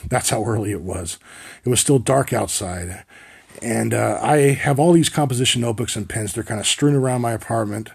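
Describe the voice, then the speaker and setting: A man's voice: medium pitch, moderate pace, vocal fry, slightly rough. A man in his forties hosting a podcast, telling a story in a wry, profane, rambling comic monologue. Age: 40s. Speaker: podcast host.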